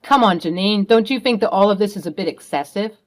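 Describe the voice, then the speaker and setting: A woman's voice: medium pitch, brisk, close to an everyday voice. A woman voicing a scheming middle-aged stepfather who stammers and snaps defensively. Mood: pleading.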